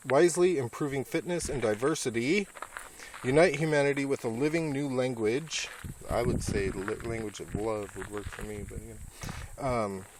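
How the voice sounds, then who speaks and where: A man on a casual vlog, reading inscriptions aloud outdoors with wry asides, recorded on a handheld camera. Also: medium pitch. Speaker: vlogger visiting a monument. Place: outdoors at a rural monument. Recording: noisy outdoor camera audio.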